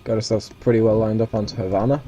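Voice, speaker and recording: A man's voice: on the low side, steady tone, quick pace, mellow, dull audio, slight background noise. A man giving casual, rambling commentary while playing a flight simulator. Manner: rambling, chatty asides with self-corrections.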